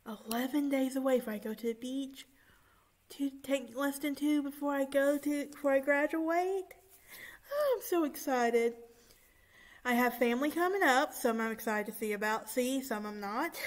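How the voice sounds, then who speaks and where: A young woman in her twenties talking casually and excitedly to her viewers, with many fillers, recording in a church room. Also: fairly high pitch. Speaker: vlogger. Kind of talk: casual vlog chat.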